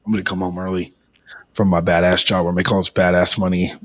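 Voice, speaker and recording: Man voicing a jealous husband, deep muttering voice, hot-headed, comic story. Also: little pitch movement, fast talker, a bit bright, no echo. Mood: brooding.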